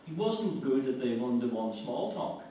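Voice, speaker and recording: A man's voice: mid-range voice, sing-song, normal speed, dark tone, a little hiss or hum. Man telling stories in a hall. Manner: conversational, storytelling, self-mocking. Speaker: guest speaker. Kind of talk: anecdotal public talk. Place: lecture hall. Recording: echoey hall from far off.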